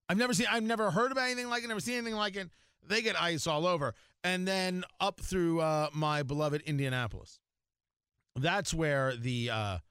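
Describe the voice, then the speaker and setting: A man's voice: fairly high pitch, a bit bright, no room sound, clean studio sound. A man hosting a morning radio show in a casual, jokey way, rambling with lots of fillers and restarts. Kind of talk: casual talk radio chat.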